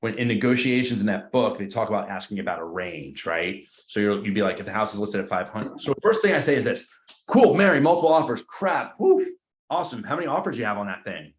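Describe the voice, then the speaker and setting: A real estate team trainer with a lowish, animated voice runs a live session for his agents, talking quickly with hardly any pauses. In a meeting room with a roomy echo, he speaks casually with slang and acts out both sides of phone calls.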